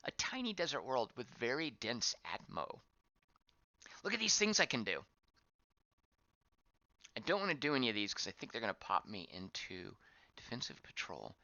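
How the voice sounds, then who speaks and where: A man's voice: medium pitch, vocal fry, bright, forceful tone, clear, resonant tone, dry recording. A man giving casual gameplay commentary as he plays, thinking aloud, wondering and reacting to what is on screen. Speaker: game streamer. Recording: dull lo-fi dry voice track.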